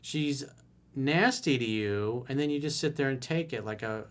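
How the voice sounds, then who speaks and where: A man's voice: medium pitch, moderate pace. A man as a dating coach, reading viewer emails aloud and answering them with blunt, casual, direct advice.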